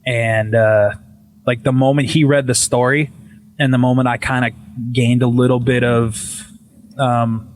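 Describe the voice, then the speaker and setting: A man's voice: mid-range voice, flat delivery, a little slow, a little hiss or hum. A man telling a story as a podcast guest, casual and full of swearing, often restarting his sentences. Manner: profane, rambling with many restarts.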